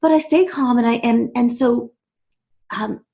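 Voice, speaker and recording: A woman guest on a podcast interview, telling a personal story with quick bursts, restarts and laughs. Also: a little high, vocal fry, dark tone. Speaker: guest, author and CEO.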